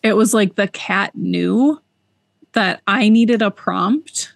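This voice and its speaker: Woman, podcast co-host, casual storytelling, mid-pitched voice, dry close sound. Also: slow pace, vocal fry, dry recording. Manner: animated storyteller, repeats words for emphasis. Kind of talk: casual chat, personal storytelling.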